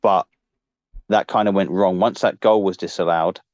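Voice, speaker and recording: A man's voice: deep voice, steady tone, moderate pace, darkish tone, dry recording, highs cut off. A man co-hosting a casual football podcast, chatty and teasing, joking around with his co-host. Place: lives in Liverpool.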